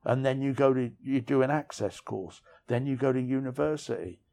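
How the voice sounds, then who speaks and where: A middle-aged man with a gravelly, creaky voice tells his own story as an interview guest. He rambles candidly and keeps checking in with "you know what I mean". His pitch sits in an ordinary middle range. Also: moderate pace, dark tone.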